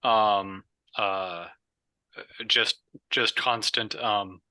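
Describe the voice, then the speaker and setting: Slow, hesitant man with a bright voice. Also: fairly low pitch, fairly even intonation, clear, resonant tone, no echo, rough recording. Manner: hesitant, halting, with many "um"s. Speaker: study group participant.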